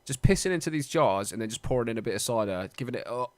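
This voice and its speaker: A man's voice: medium pitch, lively intonation, very fast, a little mellow, dry recording. A young man co-hosting a podcast, chatting casually, sweary and jokey. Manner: sweary, jokey, puts on mock voices. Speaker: podcast co-host. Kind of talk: casual banter.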